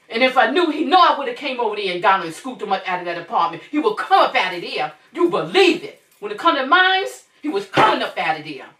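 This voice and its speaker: High, bright, urgent woman preaching to viewers. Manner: preachy, repetitive, urgent, emphatic. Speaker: channel host, grieving mother. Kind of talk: impassioned monologue to viewers. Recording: echoey room, distant mic.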